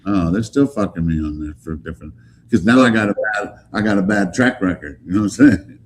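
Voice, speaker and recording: A man hosting a casual live stream, talking in animated, profane banter with bits of Spanish slang. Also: low-pitched, a little fast, a little hiss or hum.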